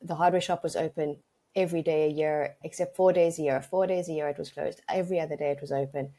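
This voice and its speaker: A woman from Africa, a podcast guest telling stories in a lively way. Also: low voice, quick pace. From South Africa. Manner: lively anecdotal storytelling. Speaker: guest, audit expert. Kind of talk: podcast interview storytelling.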